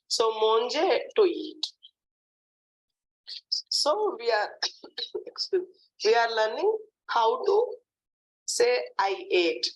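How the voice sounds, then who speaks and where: A woman teaching French in a lesson, drilling phrases slowly and often checking in with "hmm, d'accord". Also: mid-range voice, creaky, rough recording. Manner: slow, repetitive drilling with frequent "hmm, d'accord". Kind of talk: online language lesson.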